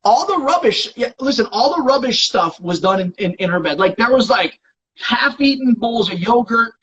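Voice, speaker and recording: A man hosting an aftershow, chatting on a video call with a guest in a loud, teasing, playful way. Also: very high-pitched, animated, moderate pace, muffled recording, a little hiss or hum. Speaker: aftershow host. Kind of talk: casual interview chat.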